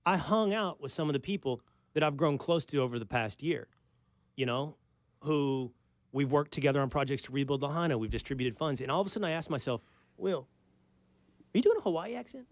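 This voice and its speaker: A man's voice: mid-range voice, brisk, dry recording. A man with a Texas accent hosting a talk radio show, speaking in an emphatic, conversational monologue full of rhetorical questions.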